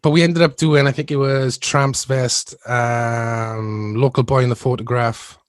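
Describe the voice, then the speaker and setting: A man's voice: mid-range voice, steady tone, unhurried, no room sound. A man in his thirties, a musician guest telling stories in a rambling, casual way. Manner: rambling, restarts often, laughs through stories. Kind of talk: casual storytelling interview.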